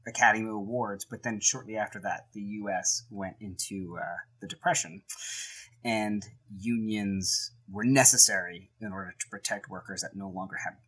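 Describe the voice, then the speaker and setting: A man's voice: lowish voice, steady tone, normal speed, bright, forceful tone, breathy edge. A man co-hosting a podcast in casual chat, playfully acting out quotes from history. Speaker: podcast co-host.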